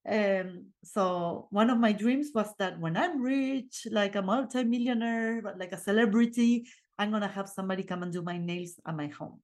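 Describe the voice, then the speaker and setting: A woman's voice: mid-range voice, normal speed. Upbeat female vlogger, a mom and business owner, casual motivational chat. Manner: earnest, upbeat, with fillers and laughs. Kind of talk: casual motivational vlog talk.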